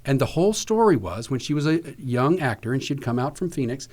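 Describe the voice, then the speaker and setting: Male podcast co-host, mid-range voice, animated storyteller who acts out the dialogue. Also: medium pitch, a little fast. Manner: animated anecdote telling, acting out quotes. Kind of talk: casual chat.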